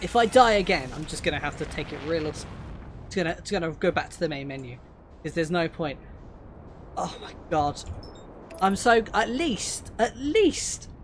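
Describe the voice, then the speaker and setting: Streaming a video game live, a young woman talks to herself while she plays, cursing freely throughout her running commentary. Her voice sits on the low side, and there's a slight hiss or hum in the recording.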